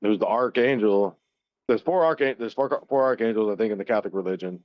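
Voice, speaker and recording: A man's voice: fairly low pitch, brisk, dry recording. A man in his thirties co-hosting a casual podcast, retelling a story loosely, swearing constantly and laughing often. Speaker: podcast co-host. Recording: dull, dry, lo-fi sound.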